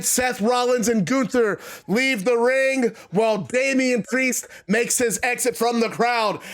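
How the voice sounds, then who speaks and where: Brief: high-pitched male narrator, excited wrestling game recap.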